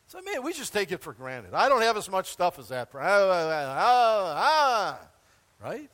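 A man's voice: sits high, brisk, in a large hall. A man preaching a sermon in a loose, conversational way, often acting out the voices of the people in his examples. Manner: animated, conversational, acts out quoted voices. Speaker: pastor.

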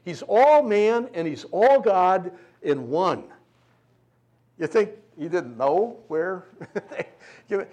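Expressive preacher man with a higher voice. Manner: expressive, swings from loud emphasis to hushed tenderness; conversational asides with light chuckles. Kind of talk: sermon, reading and explaining scripture.

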